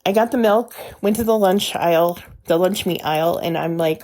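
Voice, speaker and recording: A woman's voice: fairly low pitch, moderate pace, hardly any pauses, a little mellow. A woman telling a frightening story from her own life as a guest. She tells it with feeling and acts out what she said back then. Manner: emotional, acts out her own past words. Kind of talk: first-person retelling.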